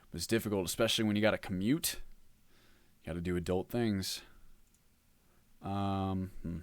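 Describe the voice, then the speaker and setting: A man's voice: sits low, no room sound. A man streaming casually while working, rambling, reading chat aloud and humming to himself. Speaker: modlist developer streamer.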